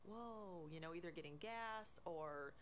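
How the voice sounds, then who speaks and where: A woman guest on a radio talk show, explaining in a relaxed way with many fillers. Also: lowish voice, measured pace, slight background noise. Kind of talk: casual radio chat.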